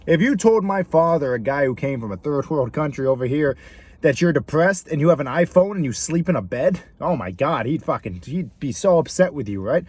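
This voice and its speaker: Husky, animated man ranting. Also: fairly high pitch, brisk. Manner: blunt, swearing, mocking rhetorical questions. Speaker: vlogger. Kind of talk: profane comedic rant to camera.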